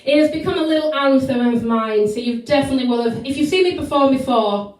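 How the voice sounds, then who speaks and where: During a live stream, a woman singer and performer introduces her songs, talking straight to her audience in a bubbly, chatty manner. Her voice is high and darkish, and she talks fast; the mic is distant in a very echoey room, with backing music.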